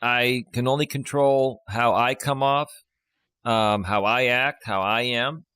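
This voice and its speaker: A man's voice: mid-range voice, takes it slowly, bright, forceful tone, clear, resonant tone, no echo. Man coaching in a dry room. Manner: reassuring, explains step by step. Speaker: life coach and live stream host. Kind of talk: casual live stream talk.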